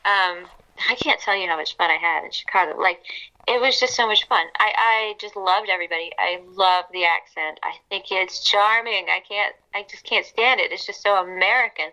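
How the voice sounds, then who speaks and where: A young woman from Atlanta chatting as an interview guest, animated and talkative, full of "like". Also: medium pitch, normal speed, poor audio. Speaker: guest actress. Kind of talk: casual interview chat.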